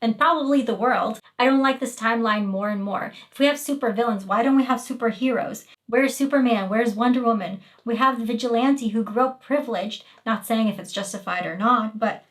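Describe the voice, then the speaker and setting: A woman's voice: a little high, a little fast, hardly any pauses. A woman originally from Iraq, hosting a comedic political commentary with emphatic, indignant delivery. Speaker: host.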